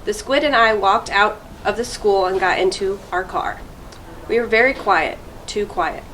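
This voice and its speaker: A woman reading a children's chapter book aloud to students, in a clear, steady storytelling voice. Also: mid-range voice, moderate pace, slight background noise, poor audio. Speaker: school deputy reading aloud.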